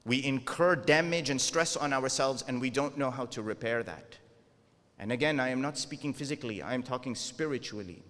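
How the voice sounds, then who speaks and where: A man's voice: medium pitch, a little fast, a bit bright. A man gives an earnest sermon in a middle register and keeps turning questions back on his listeners. His voice rings out with a long reverb, as if it were recorded in a large hall. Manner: earnest, rhetorical questions to the audience. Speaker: preacher.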